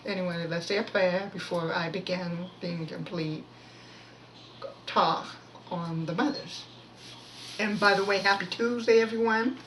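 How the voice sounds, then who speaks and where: A woman giving a casual, rambling devotional talk with a prayer, often restarting her sentences and pushing her voice to be loud. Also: lowish voice, fairly even intonation, a little slow. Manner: rambling, many restarts, pushes to speak loud. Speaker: devotional video speaker. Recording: voice from far off the mic, faint noise.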